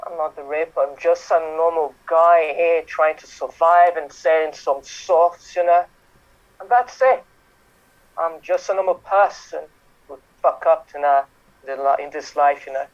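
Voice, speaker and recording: A man's voice: on the high side, measured pace, natural voice. Man playing a shifty street hustler. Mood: defensive. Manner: defensive, offhand. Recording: muffled lo-fi sound.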